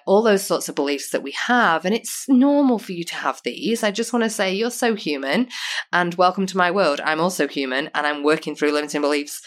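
An English woman with a slightly low voice speaks to her listeners as a motivational coach. She is earnest and emphatic, and she keeps coming back to repeated rhetorical questions. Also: normal speed. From United Kingdom. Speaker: podcast host and personal coach. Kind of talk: motivational podcast monologue.

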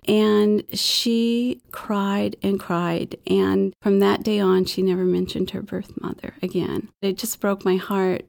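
A middle-aged woman speaks with an earnest, heartfelt manner as an adoptive mother giving an interview. Her mid-range voice carries a noticeable gravelly fry. She tells her story in a sincere, personal way. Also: medium pitch, little pitch movement, slow, hardly any pauses, darkish tone.

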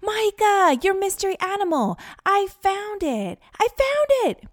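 A woman's voice: very high-pitched, big pitch swings, a little slow, voice pushed up, exaggerated voice. A woman voicing a thrilled young girl in a children's story.

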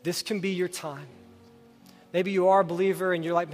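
A man's voice: a little high, fairly even intonation, fairly quick. Earnest preacher man in a reverberant hall. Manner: earnest, asks the listeners direct questions. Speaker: pastor. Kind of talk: sermon with storytelling and prayer. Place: church sanctuary. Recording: reverberant hall with faint music.

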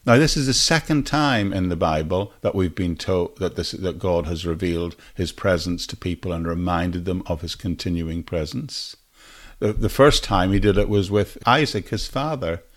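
A man with a fairly low voice teaches scripture on his podcast in an earnest, devotional way. He often repeats a phrase to drive it home and turns to the listener with rhetorical questions. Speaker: Bible teacher and podcast host. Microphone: podcast microphone.

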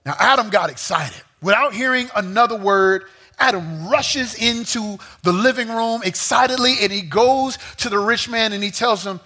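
A man preaching a sermon to a young crowd, telling a story with lively, joking asides. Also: high voice, normal speed. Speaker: youth pastor.

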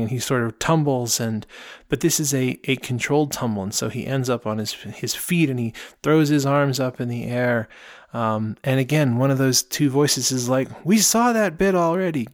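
A man telling an improvised story aloud, in a rambling way with many pauses and restarts. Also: mid-range voice, dry recording, studio quality.

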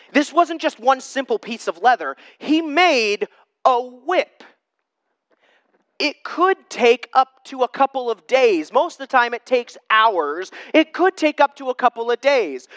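A Christian preacher delivers an informal, emphatic sermon, repeating rhetorical questions to hammer his points home. His voice is extremely high and a bit bright, very animated yet unhurried, and the recording is dry.

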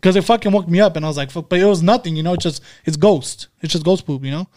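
A man's voice: fairly high pitch, fast talker, darkish tone. A man co-hosting a podcast, telling a long, profanity-heavy story in casual chat. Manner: profane, rambling, repeats "dude" and "fucking". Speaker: podcast co-host. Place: currently in Mexico, joining remotely.

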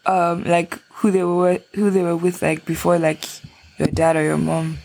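Low-pitched gravelly young woman chatting. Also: little pitch movement, moderate pace, warm tone. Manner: chatty, many fillers like "like". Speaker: podcast co-host. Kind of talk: casual chat.

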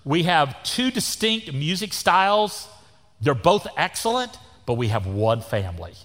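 A Texan pastor in his sixties preaches in a church with a long, ringing reverb. His voice is fairly high for a man and swings widely up and down. He keeps a folksy, joking tone full of down-home sayings. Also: sing-song, measured pace, a bit bright. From Texas. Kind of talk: sermon. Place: church sanctuary.

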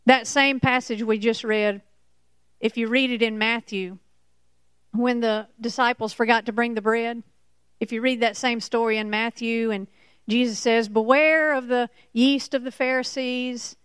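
A woman preaching a Bible sermon, slow and emphatic, repeating key points. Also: fairly high pitch, steady tone, a bit bright, clear, resonant tone, dry recording. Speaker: Bible teacher.

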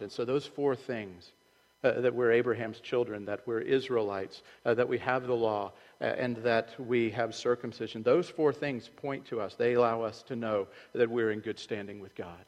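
Man preaching a conversational sermon, middle pitch, long hall reverb, acts out quoted voices. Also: fairly even intonation, normal speed. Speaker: pastor. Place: church sanctuary.

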